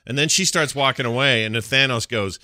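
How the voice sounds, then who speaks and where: A man hosts a casual podcast chat with a bright, forceful voice. He rambles through a recap, stumbles over names and laughs a lot. The sound is close and dry. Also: medium pitch, a little fast, no echo. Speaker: podcast host.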